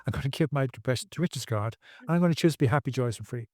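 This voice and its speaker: A man's voice: medium pitch, rapid-fire, darkish tone, no room sound, studio quality. A man speaking as a podcast guest, earnest and preachy, repeating phrases for emphasis. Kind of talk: podcast interview.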